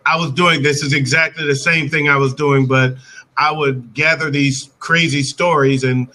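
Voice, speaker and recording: American male chat host, bright higher voice, chatty and laughing, on a video call. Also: steady tone, normal speed, low-quality recording. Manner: chatty, restarts often, laughs easily. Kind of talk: casual live-stream chat.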